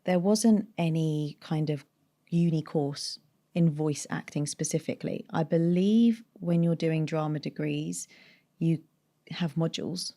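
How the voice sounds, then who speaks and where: A woman from North London speaks in a neutral British accent with a faint North London edge, low and mellow. She is a voiceover artist talking through her work as an interview guest, thoughtful and unhurried, often restarting her sentences. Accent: neutral British with a North London tinge. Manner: thoughtful, explains at length with restarts. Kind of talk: casual interview chat.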